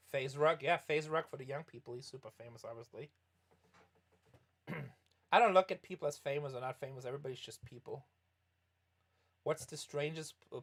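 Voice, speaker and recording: A man's voice: medium pitch, fairly bright tone. Rambling middle-aged man chatting casually. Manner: rambling, self-correcting storyteller. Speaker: streamer answering viewer questions. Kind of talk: casual livestream chat while playing poker.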